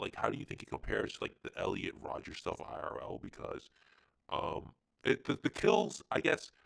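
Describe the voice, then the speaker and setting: A man's voice: fairly high pitch, gravelly, a bit bright, low-quality recording. A man co-hosting a podcast, chatting about films in a hesitant, crude, offhand way. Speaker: podcast co-host. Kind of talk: casual film discussion.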